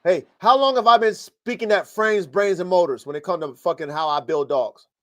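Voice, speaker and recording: Man, high voice, blunt, profane, fired-up, coaching rant, live podcast host. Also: moderate pace. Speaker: host and dog-breeding coach. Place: home studio, live stream.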